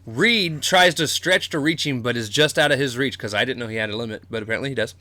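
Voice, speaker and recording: A man's voice: mid-range voice, fast, pushed and bright, no echo. A man co-hosting a podcast, casually recapping comic book plots with frequent ums and swearing. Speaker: podcast co-host.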